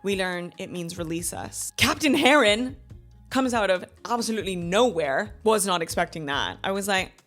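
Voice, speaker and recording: A woman in her thirties hosting a book club review in a chatty, animated way, laughing often and acting out quotes. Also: fairly low pitch, moderate pace, hardly any pauses, faint music behind. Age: 30s. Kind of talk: casual book review chat.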